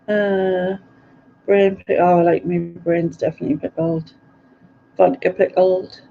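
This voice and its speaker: A woman's voice: on the low side, flat delivery, takes it slowly, creaky, long pauses, narrow, tinny audio, slight background noise. A middle-aged woman with a Sunderland accent, hosting a live stream in casual chat and reading out viewer comments. She rambles and giggles as she goes. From North East England.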